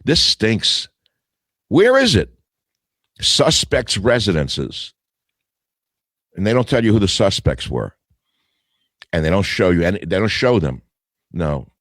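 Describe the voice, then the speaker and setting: A man's voice: sits low, big pitch swings, measured pace, pauses often, no room sound. An older man hosting a talk radio show, reading headlines aloud and answering each with sarcastic, scornful asides.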